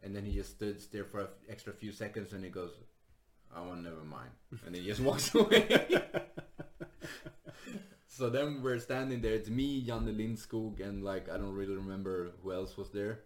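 A man's voice: on the low side, fairly even intonation, normal speed. A man, a stand-up comedian, telling a story in casual chat, laughing often and swearing freely. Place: Sweden.

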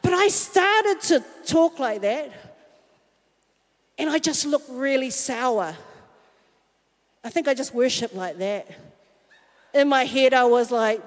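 A woman's voice: high-pitched, takes it slowly, pauses often. Candid woman preaching in a hall. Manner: candid, self-mocking, lively storytelling. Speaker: speaker at a church talk. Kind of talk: personal sermon story. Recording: long hall reverb.

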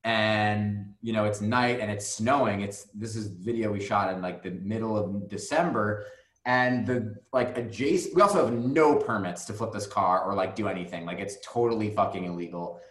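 A man's voice: on the low side, moderate pace, fairly bright tone. A man guest telling a long story casually, rambling with plenty of fillers and swearing. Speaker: music video director, guest. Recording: roomy echo.

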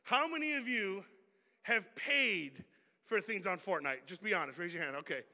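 A young man with a high, bright voice gives a youth sermon in a large hall, and his words ring out with a long echo. He talks in a loose, slangy way and keeps throwing questions at the crowd. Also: expressive, normal speed. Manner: casual and slangy, quizzing the audience. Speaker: youth pastor. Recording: reverberant hall.

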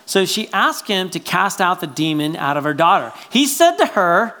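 A male pastor delivering a sermon in a chatty, animated style. He keeps checking in with his listeners through quick asides. His delivery jumps between loud exclamations and hushed remarks. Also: high-pitched. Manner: conversational, animated preaching with frequent "right?" asides.

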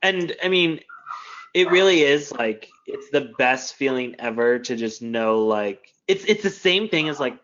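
A man of medium pitch talks openly and earnestly, circling back through his thoughts with frequent fillers. The recording is slightly dull and lo-fi. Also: animated, a little slow, a bit bright. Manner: open, earnest, rambling with many fillers. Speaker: mentor and teacher. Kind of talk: casual conversation.

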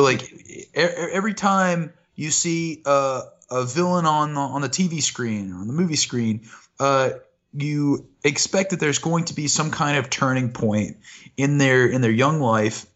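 A man co-hosting a casual chat podcast, speaking thoughtfully with halting restarts. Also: medium pitch, a bit bright, highs cut off. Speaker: podcast co-host.

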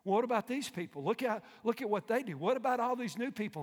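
A male pastor with a very high voice delivers a sermon. It swings between quiet, intimate asides and loud shouts, and he keeps calling out to the congregation. His voice rings with a long reverb in a large church hall. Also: lively intonation, quick pace, hardly any pauses. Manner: fervent preaching that swings from hushed to shouting, with call-and-response.

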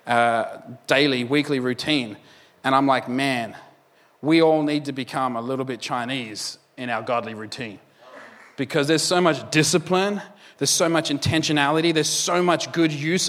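A man delivers a sermon in a loose, conversational way, dropping in jokes as he goes. His voice sits a little high for a man. It rings out with the long reverb of a large hall. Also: fairly bright tone. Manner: conversational, joking asides with laughs. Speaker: pastor.

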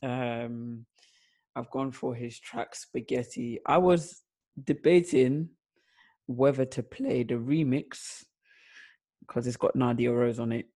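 A man's voice: mid-range voice, slow pace, a little mellow. A man co-hosting a music show in casual chat, laughing easily and hesitating with frequent ums as he presents songs. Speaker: radio show co-host.

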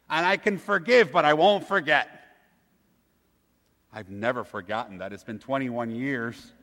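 A man in his forties, a priest, delivering a sermon with animated storytelling and acted-out quotes. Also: mid-range voice, in a large hall. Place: church.

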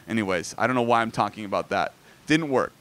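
A man preaching in a casual, conversational way, telling a family story with rising emotion. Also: quick pace. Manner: conversational, animated, rises in pitch when moved. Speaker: pastor. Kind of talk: sermon storytelling. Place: outdoors near sand.

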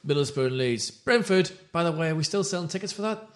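A man's voice: a little high, animated, fast. A man hosting a casual football podcast, chatty and jokey, with a London accent. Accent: London English. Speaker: podcast host.

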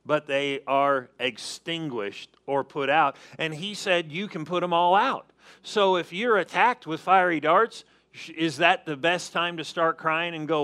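A man's voice: on the high side, a little slow, pushed and bright. A man preaching a sermon as pastor, emphatic, calling on the congregation to answer and repeating key phrases.

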